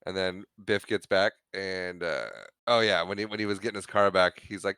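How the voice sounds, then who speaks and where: A man co-hosting a podcast, casually recapping a movie, laughing often and acting out quick bits of dialogue. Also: low-pitched, fairly even intonation, sharp tone, clear, resonant tone, no echo, clean studio sound. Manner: retells scenes with quick acted-out quotes, laughs often. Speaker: podcast co-host.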